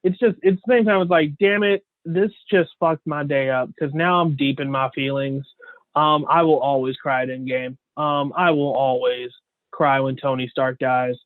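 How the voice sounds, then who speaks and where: A man's voice: mid-range voice, steady tone, moderate pace, no echo. A man co-hosting a podcast, talking earnestly in loose, slangy chat. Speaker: podcast co-host. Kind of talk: casual chat. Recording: dry, phone-like sound.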